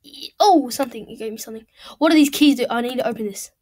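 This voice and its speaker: A young woman with a high voice talks over her game at home, chatty and rambling. She gets excitable fast and swears freely as she plays. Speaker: gamer. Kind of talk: casual gameplay commentary. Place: home room at a computer.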